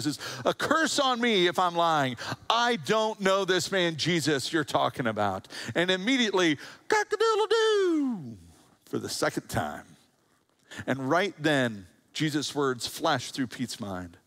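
A man preaching a sermon in a lively storytelling style, slipping into quick jokes between the serious points. His voice sits a little high for a man. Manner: animated storytelling preacher, acting out quotes with humor. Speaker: pastor.

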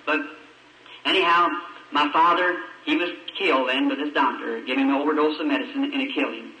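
A man's voice: a little high, animated, brisk, bright, forceful tone. A man in his forties preaching a sermon, telling a dramatic story in a rousing storytelling manner. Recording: echoey old radio-style recording from a distance.

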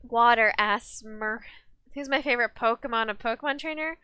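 A young woman streaming a game live, chatting casually and excitably, laughing and shrieking at the action. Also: on the high side, moderate pace, clean tone.

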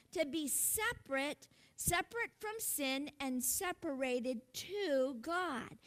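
A woman's voice: high voice, a bit bright. A woman pastor preaching a sermon in an earnest way, calling out to her congregation and laughing lightly between points.

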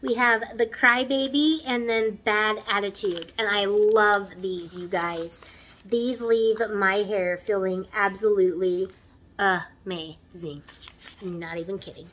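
A woman beauty vlogger in casual unboxing chat, gushing and excitable, who keeps talking straight to her viewers and drops into soft whispers when she admires something. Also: medium pitch, slow pace, slight background noise.

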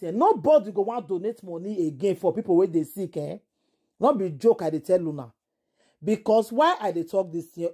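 A Nigerian woman vlogging in a husky, mellow voice. Her pitch swings widely as she exclaims and throws out indignant rhetorical questions. Her commentary stays casual and heated. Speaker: entertainment vlogger.

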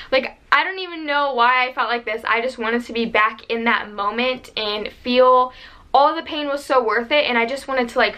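A woman's voice: a little high, pushed and bright. A young woman vlogger chatting casually to camera with mom advice, rambling with lots of "like" and "um". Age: young adult. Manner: chatty, rambling, many "like" and "um" fillers.

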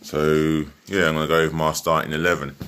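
A man's voice: rumbling low, flat delivery, fairly quick, fairly bright tone, clear, resonant tone. A man giving a chatty, rambling football match preview from home, full of fillers and restarts. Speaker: football fan vlogger. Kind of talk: casual match preview vlog.

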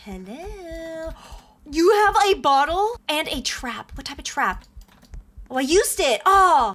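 Bubbly high-voiced woman gaming host. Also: very animated, measured pace, pushed and bright, a little hiss or hum. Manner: bubbly, gasping, squealing reactions. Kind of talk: excited gameplay commentary.

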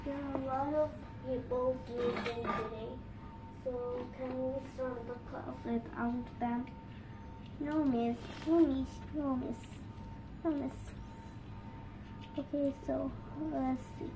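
A woman's voice: sits high, steady tone, takes it slowly, music in the background. A woman narrating a pretend-school play session, switching between a teacher and her pupils. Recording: noisy home recording.

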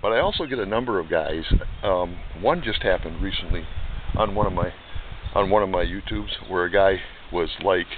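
A man's voice: low voice, moderate pace, a little hiss or hum. An older man casually showing a motorcycle repair in his garage, rambling, repeating himself and asking viewers to watch closely. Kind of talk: casual how-to demonstration. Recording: tinny lo-fi camera audio.

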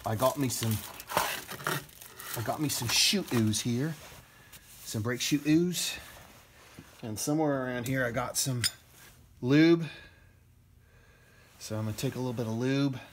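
A man's voice: mid-range voice, a little slow, long pauses, noisy background. Chatty man narrating his own repair job. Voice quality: chatty, talks to himself while working, jokey asides. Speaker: DIY car repair host. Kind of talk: casual how-to narration while working.

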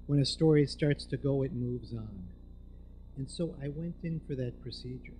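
A man telling a personal story in a live storytelling performance, moving between hushed and emphatic delivery. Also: medium pitch, normal speed, a little hiss or hum. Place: live event venue with audience.

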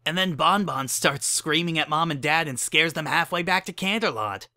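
A man's voice: on the high side, animated, moderate pace, pushed and bright, dry recording, pitched above the performer's own voice, heavily acted. A man voicing an earnest young female pony musician of noble family, in a dramatic story reading.

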